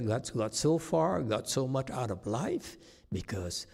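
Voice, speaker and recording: Slow, dark-voiced man giving a dharma talk. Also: mid-range voice, sing-song, gravelly. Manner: emphatic, rhetorical checks with listeners. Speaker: meditation teacher.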